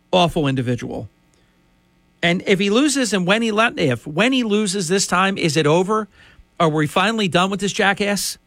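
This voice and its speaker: A man's voice: on the high side, fairly bright tone, no echo. A man hosting a talk radio show, ranting emphatically and indignantly into a studio microphone.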